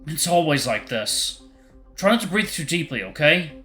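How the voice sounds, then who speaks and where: A man's voice: fairly high pitch, sing-song, moderate pace, pushed and bright, soft background music, voice pushed up. A man voicing a young male fox who sounds anxious and apologetic. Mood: earnest.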